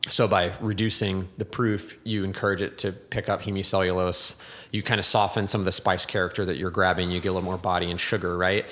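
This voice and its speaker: A man with a somewhat low voice talks through his craft in a relaxed podcast interview. He thinks aloud as he goes, restarting sentences and leaning on fillers. Now and then he drifts into a reflective, poetic way of putting things. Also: fast. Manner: thoughtful, rambling, many restarts and fillers. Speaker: whiskey distiller and blender.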